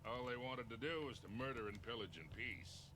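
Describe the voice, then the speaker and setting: A man's voice: mid-range voice, moderate pace, very noisy, natural voice. An actor playing a sardonic male sidekick in game dialogue, mocking in tone.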